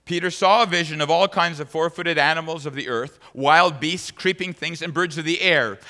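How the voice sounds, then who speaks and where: A man's voice: a little high, normal speed, few pauses, sharp tone. A man preaching a sermon and reading scripture aloud, an emphatic speaker who repeats phrases for stress, heard in a church sanctuary. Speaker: pastor. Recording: long reverb of a large hall.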